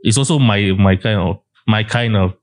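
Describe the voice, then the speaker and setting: A man's voice: on the low side, normal speed. A Singaporean man co-hosting a casual property podcast, joking and laughing, mixing English and Malay. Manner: jokey, laughs often, mixes English and Malay. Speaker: podcast co-host. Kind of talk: casual chat.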